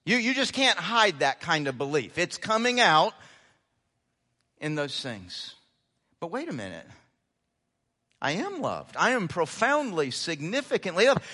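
A man preaching to a congregation in a big hall, his voice high and ringing bright. He drives his points home with repeated words and sudden lifts in pitch, and the room's long reverb trails every phrase. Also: huge pitch swings, a little slow, pauses often. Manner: emphatic, repeats words and rises sharply on key lines. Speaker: pastor. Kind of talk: sermon.

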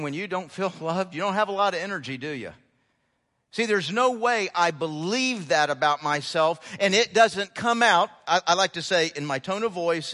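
With long hall reverb around him, a male pastor delivers an emphatic sermon in a sharp tone. He frequently repeats words, and his pitch climbs sharply on the most important lines.

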